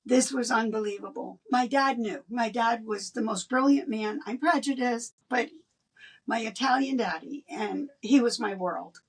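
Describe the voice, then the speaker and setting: An older woman, a guest in an interview, telling a personal story in an animated way and laughing between lines. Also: a little high, unhurried, breathy edge, far from the mic.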